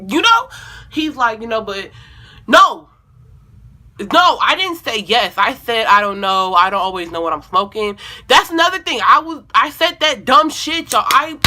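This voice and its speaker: A woman's voice: on the high side, lively intonation, unhurried, sharp tone, a little hiss or hum. A young woman telling a storytime video at home in a casual, rambling way, correcting herself and swearing freely. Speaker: vlogger.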